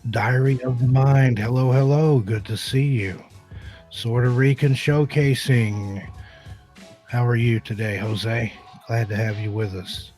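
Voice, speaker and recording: A laid-back man hosts a casual live-stream chat. He welcomes viewers one by one in an unhurried, chatty way. Faint music plays behind him. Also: medium pitch. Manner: relaxed, greets viewers one by one. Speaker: host.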